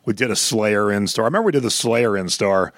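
Middle-aged male podcast co-host, lowish voice, dry close sound, animated storyteller. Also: fast, no room sound. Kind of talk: casual chat.

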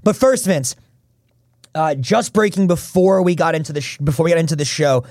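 A man hosting a sports podcast, talking fast and emphatically as he argues his points. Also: a little high, a little mellow, dry recording, clean studio sound. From Philadelphia area. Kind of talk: casual sports talk.

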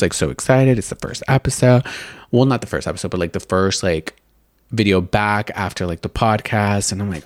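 Young man ranting, filler-heavy, low voice. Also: lively intonation, fairly quick, a little mellow, no echo, clean studio sound. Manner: rambling, heavy on "like" fillers, profane and blunt. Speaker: makeup video and podcast host. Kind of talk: casual ranting monologue.

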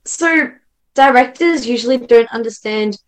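A woman's voice: a little high, unhurried, low-quality recording. A young woman from Australia, an actor guest, chatting bubbly and gushing with many filler words. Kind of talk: casual interview chat.

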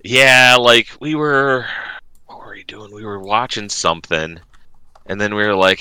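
A man's voice: lowish voice, brisk, pushed and bright, clean tone, no echo. A man in his thirties, a parent, co-hosting a casual podcast, rambling loosely and swearing as he acts out family exchanges. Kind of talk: casual chat.

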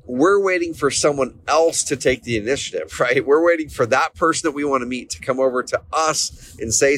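Man, 30s, from Oregon, teaching through a personal story, energetic, mid-range voice. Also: medium pitch. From Oregon, USA. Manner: energetic, animated quoting of others, frequent restarts. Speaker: business coach. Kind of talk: storytelling lesson.

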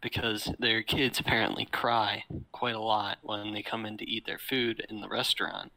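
A young man in casual chat with friends, telling an animated story from work and swearing freely. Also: fairly low pitch, normal speed, poor audio.

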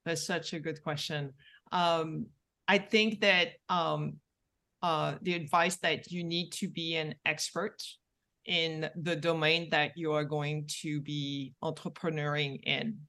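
A woman's voice: sits low, fairly even intonation, takes it slowly, fairly bright tone. A middle-aged woman with a French accent, a company founder talking as a podcast guest, reflective and full of "you know". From France. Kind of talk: podcast interview.

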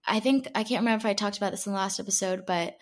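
A woman's voice: medium pitch, steady tone, racing. A woman in her twenties co-hosts a podcast in casual chat. She talks in a chatty, self-conscious way and leans heavily on "like" fillers. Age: 20s. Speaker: podcast co-host.

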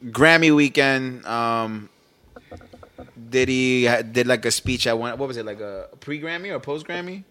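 A man's voice: mid-range voice, unhurried, bright, forceful tone. A young man, co-hosting a casual podcast chat in laid-back slang, laughing often. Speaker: podcast co-host.

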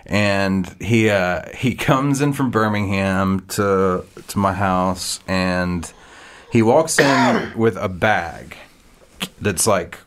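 A man's voice: low voice, slow pace, fairly bright tone. A man co-hosting a podcast, chatting casually in a laid-back, jokey way and telling a rambling story. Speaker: podcast co-host. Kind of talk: casual chat.

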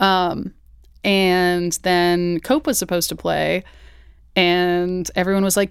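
A woman's voice: on the low side, slow pace, vocal fry, clear, resonant tone, no echo, studio quality. A woman guest musician in casual podcast chat, telling stories with lots of "like" and acting out other people's lines. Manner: animated storytelling, acts out what others said, many "like"s.

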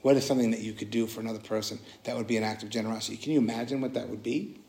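A man's voice: lowish voice, fairly even intonation, very fast, dark tone. A man leading a casual, earnest dharma talk as a meditation teacher, often restarting his sentences. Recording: roomy echoing hall.

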